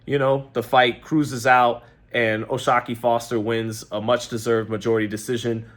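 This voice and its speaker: A New man reacts to a boxing match in a loose, conversational way. He rambles, corrects himself mid-sentence and leans on fillers. His voice sits at a medium pitch. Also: flat delivery, moderate pace, fairly bright tone. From New York. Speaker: boxing commentator. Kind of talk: casual fight-reaction commentary.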